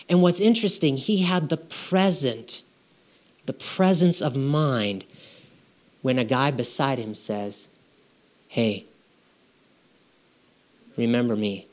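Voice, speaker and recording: A man preaching a sermon in a conversational style, often checking in with his listeners with quick "right?" and "okay?" asides. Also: sits high. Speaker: pastor.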